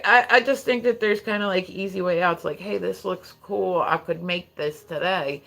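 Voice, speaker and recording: Gravelly, rambling streamer with a New Jersey accent. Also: medium pitch, bright, forceful tone. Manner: rambling, profane, tangent-prone. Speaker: live streamer. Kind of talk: casual rambling live-stream chat.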